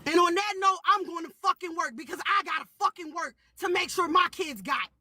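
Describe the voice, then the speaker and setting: A young woman venting angrily on a live stream, heated and profane, repeating herself and shouting at times. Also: very high voice, fairly quick, slight background noise.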